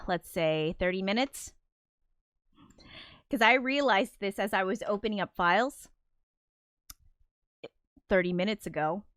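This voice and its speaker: A woman in a casual livestream chat, rambling and self-deprecating, with frequent swearing and nervous laughter. She sounds flustered and anxious as she talks. Her voice is smooth and clear, recorded close and dry with no room sound. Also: medium pitch, dry recording. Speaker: streamer and composer.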